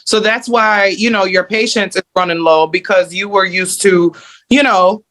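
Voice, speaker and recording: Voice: mid-range voice, normal speed, fairly bright tone. A coach on a video call who lays out points one by one, with frequent fillers. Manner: methodical, lists points, many fillers. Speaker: mindset coach.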